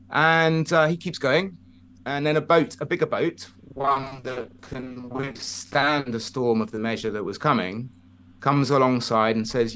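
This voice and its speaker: A man's voice: medium pitch, normal speed. A man talking as a guest in a casual conversation, telling stories and acting out the voices in them. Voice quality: animated storyteller, acts out quoted voices.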